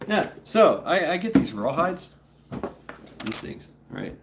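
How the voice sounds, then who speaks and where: A man's voice: fairly high pitch, sing-song, slow, heavy background noise. A man hosting a casual live stream, rambling playfully, greeting viewers by name and coaxing his dog between remarks. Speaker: livestream host.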